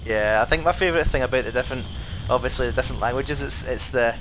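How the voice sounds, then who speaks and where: A Scottish man chatting casually and swearing as he streams a video game, with faint background noise. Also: mid-range voice. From Scotland. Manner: chatty, sweary, quick to curse at enemies. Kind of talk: casual live gameplay commentary.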